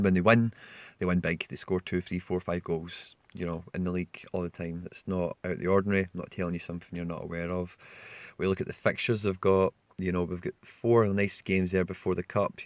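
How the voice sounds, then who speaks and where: Guy talking through football picks, deep and pretty monotone, dry close sound. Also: no echo. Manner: chatty, tags lines with "you know" and "okay?". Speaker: channel host. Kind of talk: casual fantasy football walkthrough.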